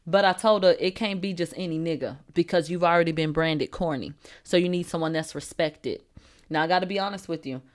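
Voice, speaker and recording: A woman hosting a celebrity gossip livestream. She talks in a brash, profane way, laughs, answers her chat, and swings from low asides to loud outbursts. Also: fairly quick. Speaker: host of a celebrity gossip show. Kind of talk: livestream entertainment gossip commentary.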